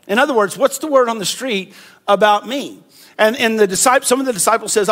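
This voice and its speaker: High-voiced man preaching a lively sermon. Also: a little fast. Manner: animated, conversational preaching with acted-out quotes. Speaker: pastor.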